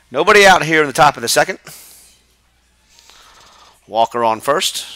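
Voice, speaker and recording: A man calling a high school baseball game play by play from the press box, brisk and chatty. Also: pushed and bright, clear, resonant tone. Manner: brisk, chatty, laughs with partner. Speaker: play-by-play announcer. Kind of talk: live baseball play-by-play commentary.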